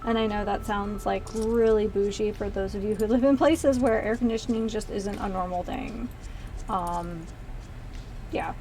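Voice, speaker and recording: A woman's voice: medium pitch, normal speed, warm tone, a little hiss or hum. Chatty woman in her thirties rambling. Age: 30s. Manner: chatty, rambling with many asides. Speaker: streamer. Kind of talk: casual chat while building Lego. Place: small converted walk-in closet.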